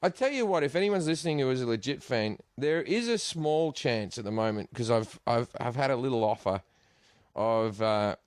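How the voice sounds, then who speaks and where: A man's voice: medium pitch, animated, normal speed, smooth, dry recording, studio quality. A man telling profane, laughing anecdotes in casual chat, acting out the voices of the people in them. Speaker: guest comedian. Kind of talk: animated storytelling chat.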